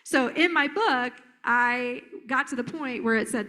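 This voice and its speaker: A high-voiced woman gives a live conference talk as a therapist. She is animated and joking, and her pitch swings and lifts as she drops into silly voices for effect. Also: normal speed.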